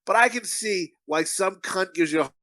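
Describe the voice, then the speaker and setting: A man's voice: high-pitched, normal speed, bright, forceful tone, no echo. A man co-hosting a podcast in casual chat, a profane, rambling storyteller who laughs at his own stories. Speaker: podcast co-host.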